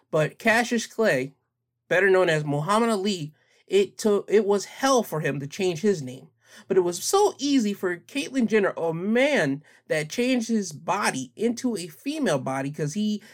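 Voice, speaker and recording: Young male vlogger, opinion commentary, emphatic, repeats for stress. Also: high-pitched.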